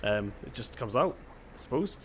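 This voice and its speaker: A man's voice: mid-range voice, lively intonation, normal speed, a bit bright, a little hiss or hum. Chatty young man with a Devon accent. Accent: Devon English. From England (Devon). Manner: chatty, thinking aloud while playing. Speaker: gaming channel host. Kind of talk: casual gameplay commentary.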